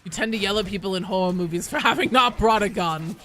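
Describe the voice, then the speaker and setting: A woman streaming a game, chatting casually with her players, joking, laughing, swearing, and yelling in bursts during fights. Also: medium pitch, fast talker. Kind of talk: casual live-stream chat while playing.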